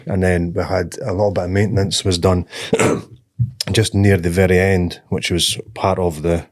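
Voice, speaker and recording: A man with a low voice talks in a casual podcast chat. He stays calm and measured and speaks plainly, giving advice from experience. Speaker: podcast co-host.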